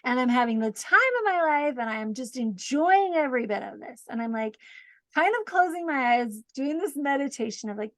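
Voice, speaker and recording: Woman guest, lively storyteller with a high-ish voice, dry close mic, laughs through it. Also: normal speed, dry recording. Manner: animated, self-mocking, laughs often. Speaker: podcast guest, hypnotherapist. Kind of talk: casual storytelling.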